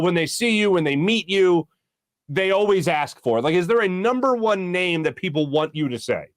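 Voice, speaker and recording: A man in his thirties hosting a sports talk show, interviewing a guest in a quick, chatty, enthusiastic way. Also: on the high side, expressive, no echo, studio quality. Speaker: sports radio host.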